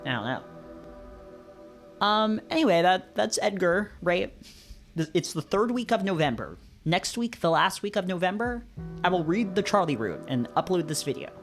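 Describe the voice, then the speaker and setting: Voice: medium pitch, expressive, normal speed, soft background music. A visual novel reader reading aloud and commenting casually, rambling and hesitant with frequent fillers and restarts.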